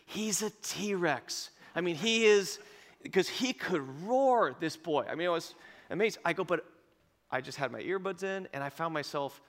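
Pastor guy telling a story from the pulpit, bright sharp voice, big echoey church. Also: high-pitched, moderate pace. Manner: animated storytelling, acts out dialogue with laughter. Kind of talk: storytelling sermon. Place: church auditorium. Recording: long reverb of a large hall.

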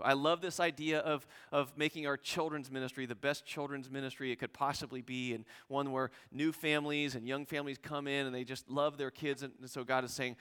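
A man preaching a sermon as pastor, animated, acting out scripture dialogue with rising intensity. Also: mid-range voice, fairly quick, few pauses, smooth, long reverb tail.

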